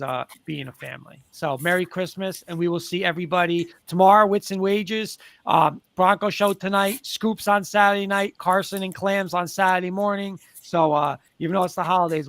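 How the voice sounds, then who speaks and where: High-voiced man signing off a sports show. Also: fairly bright tone, dry recording. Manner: upbeat, friendly, rattling off thanks and a schedule. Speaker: co-host of a sports talk show. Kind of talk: casual sign-off chat.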